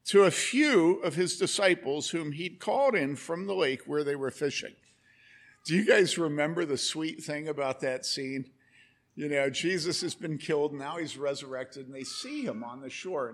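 Animated guy preaching in church, husky voice, keeps asking the crowd stuff. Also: a little high. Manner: animated storytelling, asks the congregation questions. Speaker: pastor. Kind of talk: sermon.

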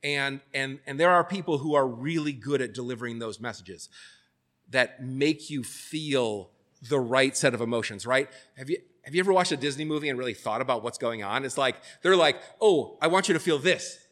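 Bright-voiced man preaching casually. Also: mid-range voice, normal speed. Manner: conversational, many fillers and restarts, acts out quoted voices. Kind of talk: casual sermon.

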